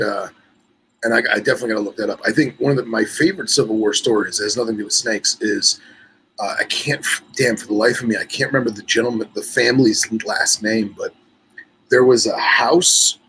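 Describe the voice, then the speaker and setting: A man's voice: medium pitch, vocal fry, pushed and bright, a little hiss or hum, low-quality recording. A man co-hosting a casual podcast chat, a little congested and nasal, rambling through stories and reading an article aloud. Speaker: podcast co-host.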